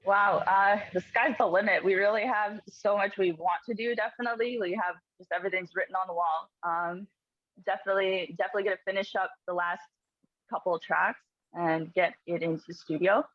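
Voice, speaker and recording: A woman's voice: medium pitch, steady tone, brisk, no room sound. A woman from a metal band answering an interview question in an upbeat way, repeating herself often. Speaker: band member guest. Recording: dull lo-fi audio.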